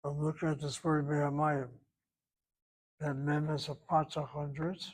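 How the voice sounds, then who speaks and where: A man with a slightly high voice leads a classroom grammar lesson. He explains step by step and repeats each word slowly, as a drill. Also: completely flat delivery, low-quality recording. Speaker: Hebrew teacher.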